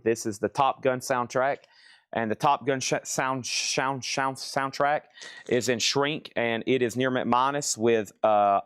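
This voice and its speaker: A middle-aged man hosting a live record sale stream, listing items and calling bids in a brisk, casual patter from a record store. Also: medium pitch, a bit bright, clear, resonant tone, no echo, clean studio sound. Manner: brisk auctioneer-style listing, casual asides. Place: record store with crates and tables.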